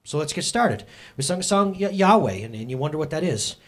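A man's voice: on the high side, lively intonation, brisk. A man preaching a casual sermon in church, joking and addressing the congregation directly. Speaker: pastor. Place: church sanctuary.

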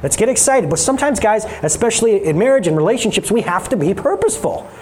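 A man delivering a lively sermon, his slightly high voice rising and falling all over as he talks straight to the room. He keeps it conversational and animated, pulling the congregation along with him. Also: fast talker, a little hiss or hum. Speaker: pastor.

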